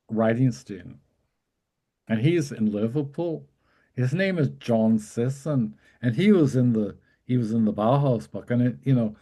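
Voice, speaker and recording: Excited rambling man with a mellow voice. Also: medium pitch. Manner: excited, rambling, laughs often. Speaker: host. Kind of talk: casual chat.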